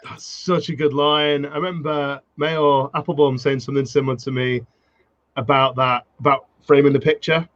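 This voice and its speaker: A man's voice: medium pitch, little pitch movement, a bit bright, no echo, highs cut off. A man hosting a podcast, chatting casually and agreeing eagerly with his guest. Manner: enthusiastic, quick to agree. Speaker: podcast host. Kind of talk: casual interview chat.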